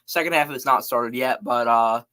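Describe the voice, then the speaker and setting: Bright-voiced man hosting a football recap. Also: medium pitch, moderate pace. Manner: chatty and rambling, reels off scores and stats. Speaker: sports show host. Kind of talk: casual live college football recap.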